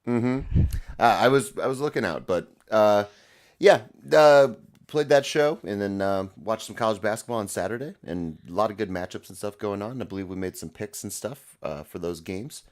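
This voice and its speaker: A man's voice: fairly low pitch, normal speed. A man co-hosting a casual sports podcast, talking loosely with lots of "uh" as he recaps games. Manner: rambling, many fillers. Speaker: podcast co-host.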